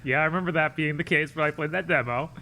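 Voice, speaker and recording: A man's voice: fairly high pitch, fairly quick, pushed and bright. Chatty male co-host streamer. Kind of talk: casual gameplay chat.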